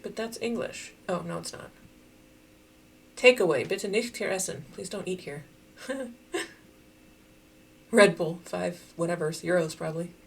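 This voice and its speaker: A woman's voice: on the low side, a little slow, vocal fry, long pauses, breathy edge. Chatty woman thinking aloud over gameplay. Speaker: game streamer. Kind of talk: casual gameplay commentary.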